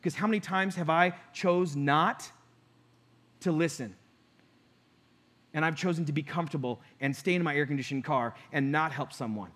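High-voiced man preaching a sermon. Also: moderate pace, long pauses, a bit bright. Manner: earnest storytelling, acts out dialogue with God. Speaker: pastor. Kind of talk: sermon with personal story.

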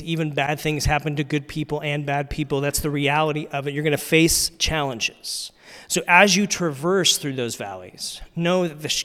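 A male pastor delivers a sermon in a loose, conversational manner, his voice sitting a little higher than most men's. He leans on fillers and repeats himself as he works through the passage. The sound carries a long reverb tail from a large church hall.

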